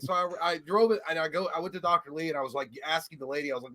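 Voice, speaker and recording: Man, bright tense voice, fairly high, animated storytelling, swears freely, casual live chat. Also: very fast. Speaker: podcast co-host.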